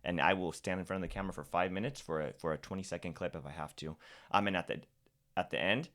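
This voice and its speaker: A man's voice: sits low, fast, a bit bright. A man, a podcast guest, talking casually and at length, often restarting and repeating words. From California's Central Valley. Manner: talkative, frequent restarts and repeats. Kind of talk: casual conversation.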